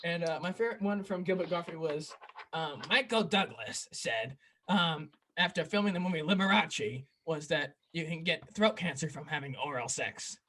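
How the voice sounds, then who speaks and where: Chatty young man retelling comedy bits. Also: on the high side. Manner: animated retelling of jokes with quick impressions and laughter. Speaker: podcast host. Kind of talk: casual comedy chat.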